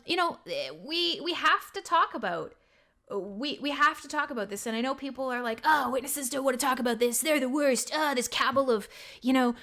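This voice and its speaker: A woman's voice: a little high, sharp tone. A young woman hosting a casual live stream, chatting with viewers and swearing as she goes. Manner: chatty, swearing, laughing, self-mocking. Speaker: live stream show host. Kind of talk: casual live-stream chat, reading chat messages.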